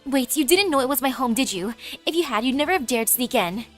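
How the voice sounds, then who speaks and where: Woman reading haughty alien ruler, pompous, grandiose, high voice, game dialogue. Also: lively intonation, brisk, soft background music.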